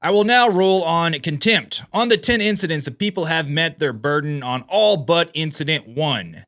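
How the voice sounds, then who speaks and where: A man reading out the lines of a judge in a formal, measured way. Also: fairly high pitch, a bit bright, close to an everyday voice. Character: stern male judge reading rulings.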